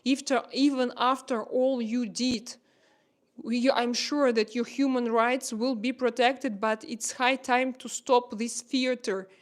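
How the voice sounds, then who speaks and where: Russian-accented woman chatting on her livestream, emotional, lots of uhs, kinda high voice. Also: steady tone. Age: 30s. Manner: emotional, pleading, halting with fillers. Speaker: livestream host. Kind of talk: casual livestream chat.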